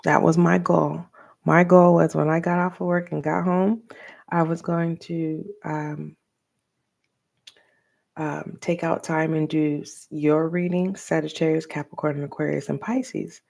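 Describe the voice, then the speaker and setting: An older woman, a tarot reader, chatting casually and rambling, with soft asides. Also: sits low, little pitch movement, a little slow, vocal fry. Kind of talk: casual tarot reading talk.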